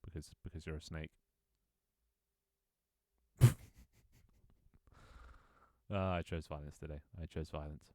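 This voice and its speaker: A man's voice: a bass voice, steady tone, slow, long pauses, darkish tone, dry recording, clean studio sound. A man casually chatting and joking while playing an online game, laughing often. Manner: playful, joking, chuckles often. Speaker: gaming streamer. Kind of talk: casual gameplay chat.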